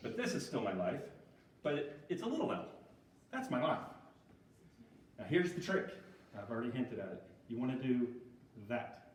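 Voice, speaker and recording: A man's voice: mid-range voice, sing-song, normal speed, pauses often, a little hiss or hum. A man giving an informal, conversational talk at a church recovery group, often checking in with "okay?" and laughing at himself. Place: church hall. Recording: echoey hall from far off.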